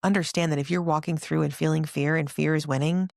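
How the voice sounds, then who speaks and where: A woman hosting a casual spiritual podcast, telling stories with lively acted-out quotes. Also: sits low, fast, gravelly, no echo, clean studio sound. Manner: animated storyteller, acts out quotes. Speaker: podcast host.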